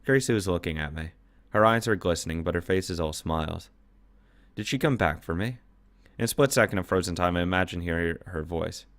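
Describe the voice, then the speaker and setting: A man's voice: sits low, fairly quick, a bit bright, dry recording. A man reading a visual novel's narration aloud, breaking off now and then to swear and react to the story.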